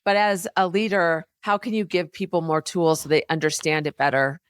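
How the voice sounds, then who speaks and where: A woman co-hosting a business podcast, speaking in an animated, encouraging way about workplace development. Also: sits low, moderate pace, smooth, dry recording. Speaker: podcast co-host, workplace consultant. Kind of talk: casual conversational podcast chat.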